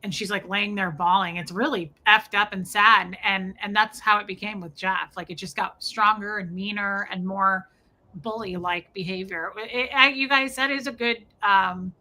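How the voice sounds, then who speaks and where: Bright-voiced chatty woman podcaster. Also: mid-range voice, normal speed. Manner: animated storyteller, many "like" fillers. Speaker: podcast co-host. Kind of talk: casual chat.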